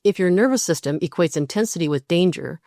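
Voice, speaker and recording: A woman hosting a relationship podcast, talking through ideas in a calm, measured monologue and briefly voicing quoted partners. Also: fairly low pitch, no echo, studio quality.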